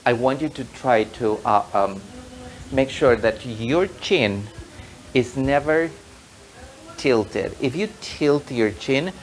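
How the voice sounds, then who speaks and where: A man's voice: medium pitch, slow pace, poor audio. A man teaching an online tango lesson, patiently explaining and counting the rhythm aloud in a sing-song way.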